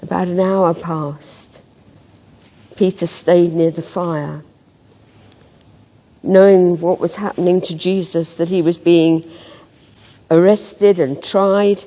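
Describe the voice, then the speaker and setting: Brief: unhurried female devotional reader, mellow tone, long church reverb. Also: lowish voice, fairly even intonation. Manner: slow, gentle storytelling with reflective pauses. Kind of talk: scripted Bible story narration.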